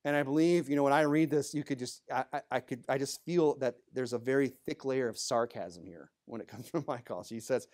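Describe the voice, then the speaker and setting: This man is preaching in church at a brisk clip with hardly any pauses. His talk is chatty and loaded with "you know" asides, alternating forceful bursts with quiet, low-voiced remarks.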